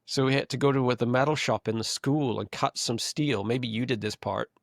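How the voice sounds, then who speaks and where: A man's voice: medium pitch, brisk, no echo, studio quality. A man hosting a podcast, telling a long road-trip story in a rambling, self-correcting way. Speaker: podcast host. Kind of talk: casual chat.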